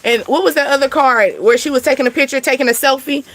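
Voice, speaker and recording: A woman's voice: high-pitched, fast. A woman, giving a casual spiritual tarot card reading in a chatty, repetitive way with frequent laughs.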